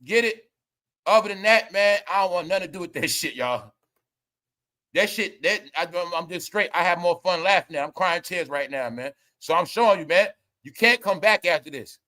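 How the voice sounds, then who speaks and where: A young man hosting a live gossip commentary stream, loud and laughing, often calling out to viewers. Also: sits high, normal speed. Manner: loud, laughing, repetitive, addresses viewers as y'all. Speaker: commentary host.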